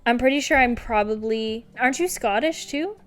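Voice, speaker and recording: A woman's voice: a little high, moderate pace, soft background music. A woman co-hosting a podcast in casual chat, talking with lots of "like" fillers and laughing often. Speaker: podcast co-host.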